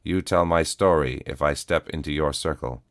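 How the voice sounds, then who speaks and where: A man doing a flat, calm old cyborg. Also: a bass voice, normal speed, no room sound, clean studio sound. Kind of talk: audiobook reading.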